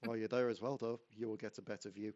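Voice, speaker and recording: A man's voice: fairly low pitch, steady tone, racing, a little mellow, muffled recording. A man, narrating as game master in an easygoing, descriptive way.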